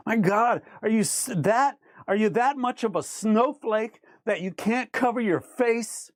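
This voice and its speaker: Here a man's high voice comes through unhurried, with few pauses and no room sound. He's a livestream host ranting through the live chat, reading comments aloud and arguing with them emphatically and over and over.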